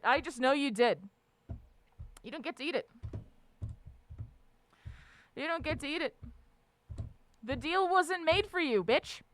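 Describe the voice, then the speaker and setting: A woman's voice: sits high, fairly bright tone. A woman livestreamer chatting casually with her viewers, ranting with lots of swearing and frequent laughter. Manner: profane, ranting, laughs often. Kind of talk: casual live-stream chat.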